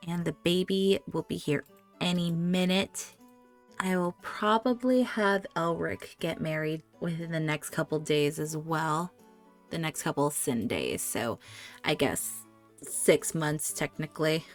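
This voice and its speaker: A woman talks through her game at an unhurried pace, her voice sitting a little low. She chats to her characters and coos over the farm animals. Soft music plays faintly behind her. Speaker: gaming YouTuber. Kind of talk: casual let's-play commentary.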